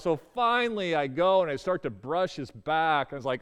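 Male storyteller, resonant voice, halting delivery full of restarts, recorded with a long reverb tail. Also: fairly high pitch, lively intonation, fairly bright tone, clear, resonant tone. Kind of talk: personal storytelling.

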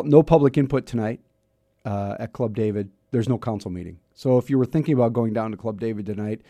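Middle-aged male talk radio host, warm low-key tone, rambling and self-deprecating. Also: no room sound, studio quality. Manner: chatty, self-mocking, rambling with restarts. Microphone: studio mic.

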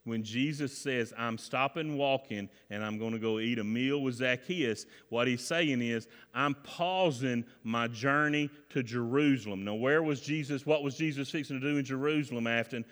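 A man preaching a sermon as pastor in a church, in folksy preacher talk that builds from quiet prayer to shouted preaching. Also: mid-range voice, normal speed, hardly any pauses. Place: church sanctuary. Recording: long reverb in a church hall.

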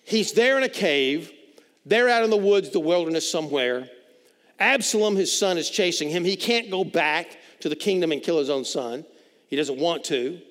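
A man's voice: high voice, fairly bright tone. A pastor preaching a sermon in a conversational way, often repeating words as he builds his points. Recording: long reverb of a large hall.

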